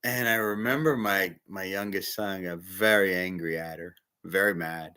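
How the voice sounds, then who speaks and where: A middle-aged man, a bishop, preaching a sermon with emotional personal testimony, talking in a confiding, animated way. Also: low voice, normal speed, hardly any pauses, clean tone.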